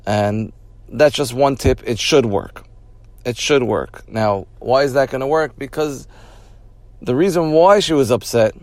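A man's voice: fairly low pitch, gravelly, a little mellow, dry recording. A man hosting an advice podcast, talking it through in a repetitive way and restarting his phrases as he explains. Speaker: podcast host.

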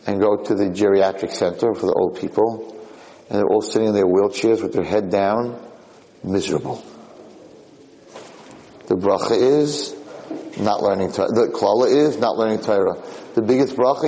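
A rabbi teaches an informal Torah class, telling stories animatedly and often repeating or restarting his phrases. His voice is on the low side. The low-quality recording has the sound of a big room.

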